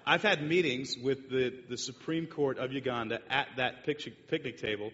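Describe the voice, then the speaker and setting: A man's voice: moderate pace, a bit bright. Man telling a story in an echoey hall. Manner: rambling, with many fillers and restarts. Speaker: speaker giving a church talk with slides. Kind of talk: storytelling sermon. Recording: muffled echoey hall recording with faint rumble.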